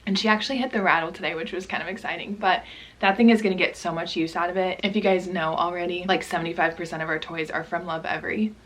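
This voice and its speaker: A young woman with a hoarse, dry throat chatting casually to camera at home about baby gear, keeping her voice down. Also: steady tone, fast. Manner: chatty, apologetic, lowers voice to stay quiet. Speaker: parenting vlogger. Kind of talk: casual vlog talk to camera. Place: at home indoors.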